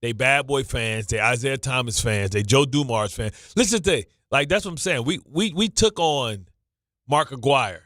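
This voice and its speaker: Male sports radio host, nervous stammering banter, bright and dry. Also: medium pitch, lively intonation, normal speed, no room sound. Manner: stammering, repeats himself, nervous joking. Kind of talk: excitable sports talk banter.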